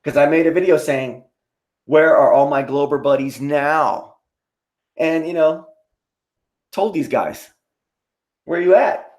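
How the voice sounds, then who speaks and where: A man's voice: fairly high pitch, slow, long pauses, darkish tone. A man hosting a live stream, ranting in a casual, preachy, profane way and getting worked up.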